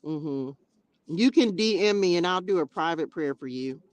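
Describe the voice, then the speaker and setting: A woman's voice: lowish voice, normal speed, dry recording. A woman hosting a casual livestream, talking expressively to viewers, calling them baby and child, into a tablet mic. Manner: chatty and expressive, calls viewers baby and child, bursts of laughter. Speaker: livestream host.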